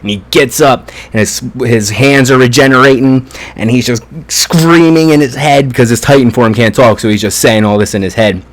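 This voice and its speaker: Dude recapping an anime ep, hyped up, swears a lot, lots of um and like, medium voice. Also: male voice, medium pitch, normal speed, slight background noise. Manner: excitable and profane, retells scenes with lots of fillers. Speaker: anime episode reviewer. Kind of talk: casual spoken review and recap.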